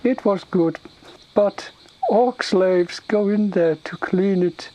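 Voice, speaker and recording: Casting: a man doing a dim-witted hulking ogre brute, broken grammar, raised loud voice. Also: high-pitched, slow, pitched above the performer's own voice, poor audio. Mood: eager. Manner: broken grammar, simple-minded.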